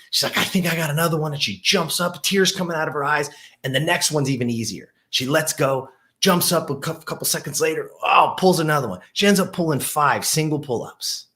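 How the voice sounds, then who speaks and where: A middle-aged man, a gym owner and host, telling a motivational story to camera, rising with excitement and dropping low to reflect.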